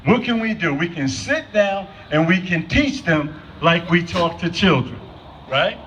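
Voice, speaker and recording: At an outdoor vigil, a man gives an impromptu public speech, repeatedly asking the crowd questions. His voice sits high, expressive and fairly bright, at a measured pace, recorded from a distance in dull lo-fi with faint noise.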